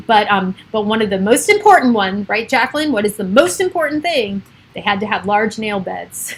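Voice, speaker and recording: A woman's voice: medium pitch, a little hiss or hum, poor audio. A middle-aged woman hosting a casual livestream from her home, rambling and chatty, laughing often. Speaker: livestream host. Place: home with children and pets around.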